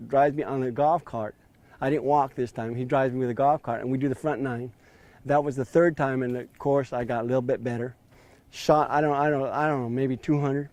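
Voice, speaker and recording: A man's voice: on the high side, a little mellow, dry recording. A man in his fifties telling his story in an interview, acting out quoted dialogue with a raised voice. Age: 50s.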